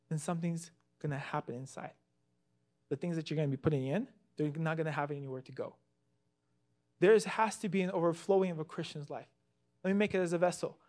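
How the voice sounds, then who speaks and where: A man's voice: high-pitched, a little mellow. A man preaching, an evangelist telling personal testimony in an earnest storytelling way, often restarting and repeating words.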